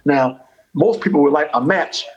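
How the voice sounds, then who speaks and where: A man with a slightly high voice tells a rambling comic story in loose conversation. He is animated and profane, and he loops back over his own phrases as he builds each bit. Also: normal speed, muffled recording. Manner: animated, profane, repeats himself. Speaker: comedian guest. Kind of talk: casual storytelling chat.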